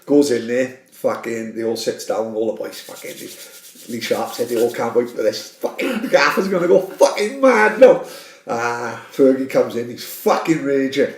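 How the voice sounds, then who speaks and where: A man's voice: medium pitch, lively intonation, moderate pace. A man chatting on a boozy podcast, swearing and acting out people in his football stories. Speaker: podcast co-host. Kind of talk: boozy casual chat, storytelling. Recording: echoey room.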